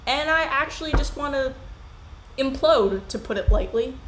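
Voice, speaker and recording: A young woman in casual commentary chat, rambling and animated as she drifts from one tangent to the next. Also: high-pitched, moderate pace. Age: young adult. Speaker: commentary YouTuber. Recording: echoey room with faint hiss.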